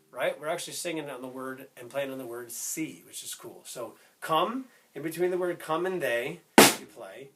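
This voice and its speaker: A man teaching a step-by-step music lesson who explains slowly, keeps checking in with "right?" and breaks into short sung snippets. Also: medium pitch, animated. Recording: loud instrument playing behind the voice.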